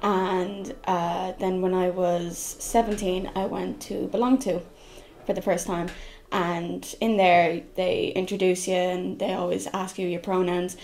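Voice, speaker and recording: A woman's voice: fairly low pitch, flat delivery, measured pace, a little mellow. A young woman with an Irish accent, speaking casually in an interview and laughing easily. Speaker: documentary interviewee. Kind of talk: personal interview testimony.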